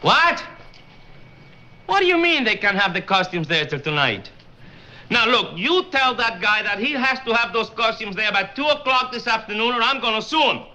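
An actor with a Cuban Spanish accent playing a hungry, harried husband in a 1950s TV sitcom, good-natured and chuckling. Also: male voice, high voice, lively intonation, moderate pace, bright, forceful tone, exaggerated voice, low-quality recording. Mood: exasperated.

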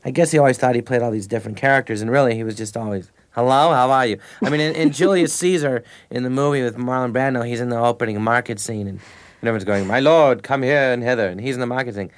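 A man's voice: medium pitch, rapid-fire. A man in his thirties, a comedian guest, telling stories in a loose, rambling way with restarts and laughs between lines. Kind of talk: casual anecdotal interview.

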